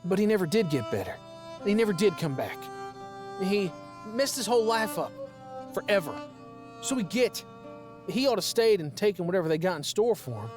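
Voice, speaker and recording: A woman's voice: medium pitch, sing-song, moderate pace, long pauses, close to an everyday voice. A woman voicing a simple, kindhearted young country man in a video game, with a folksy rural drawl. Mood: somber. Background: game music.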